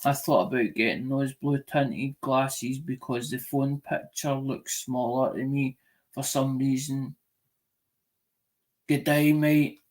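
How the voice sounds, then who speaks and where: A man's voice: mid-range voice, fairly even intonation, a little slow. A man with a Scottish accent chatting casually on a live stream, rambling and often restarting and repeating himself.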